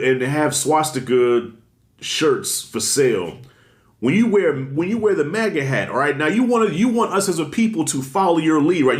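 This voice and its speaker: Emphatic man ranting in an echoey room. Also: a little high. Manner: animated, emphatic and blunt, heavy slang. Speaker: commentary vlogger. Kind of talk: casual opinion commentary. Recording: roomy echo.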